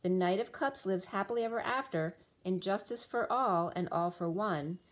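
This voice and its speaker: Her voice is wearing thin as this woman, a tarot reader, gives a spiritual reading at normal speed in a mid-range register. The talk wanders through dreamy, loose associations, punctuated by little rhymes.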